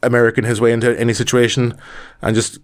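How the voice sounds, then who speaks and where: A man's voice: medium pitch, flat delivery, quick pace. A man co-hosting a podcast, rambling and restarting his sentences in casual chat. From Ireland. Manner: rambling, hesitant, many restarts. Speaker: podcast co-host.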